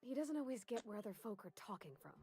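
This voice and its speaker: A woman's voice: on the high side, expressive, fast, warm tone, husky, no room sound, soft background music. An actress playing a shy, earnest young woman in a video game, speaking in a folksy, plainspoken and hesitant way.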